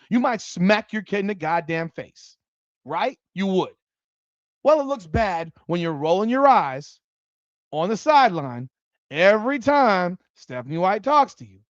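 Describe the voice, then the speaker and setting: This is a sports commentary host in full rant mode, swearing freely and getting worked up. The voice swings widely in pitch. The audio is dull, lo-fi and dry. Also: dry recording. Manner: profane, heated and animated. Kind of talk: ranting livestream commentary.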